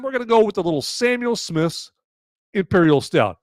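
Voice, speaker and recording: A man's voice: very high voice, normal speed, no echo. A man hosting a podcast, reviewing a beer in a rambling, casual way and often checking in with "okay?". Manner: rambling and animated, often tagging lines with "okay?". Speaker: podcast host.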